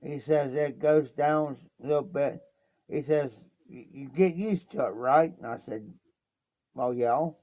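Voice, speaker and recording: This livestream host from Ohio spins a wandering story in an unhurried, mid-range voice, piling on "I said" and "he says" as he goes. The recording is dry, with dull, lo-fi stream sound.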